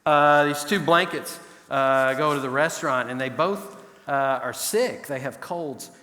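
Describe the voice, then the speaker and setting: A man telling improv jokes on stage in a dry, self-deprecating way. His voice is bright and sharp. It echoes with a long hall reverb. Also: medium pitch, a little slow. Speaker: improv performer. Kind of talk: live improv comedy.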